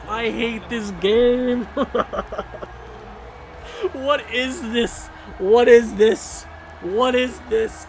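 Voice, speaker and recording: A man giving excited let's-play commentary, yelling at the game and swinging between frantic outbursts and hushed disbelief. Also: extremely high pitch, noisy background. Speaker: gaming video creator. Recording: game music playing behind the voice. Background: video game music.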